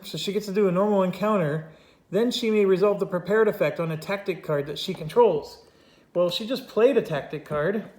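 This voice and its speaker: A chatty man with a somewhat high-pitched voice talks through a board game he is playing on his own, laying out the rules step by step. He is wry and easygoing, and every so often wanders off into a good-humored rant. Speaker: board game player and channel host. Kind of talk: casual solo board game playthrough commentary.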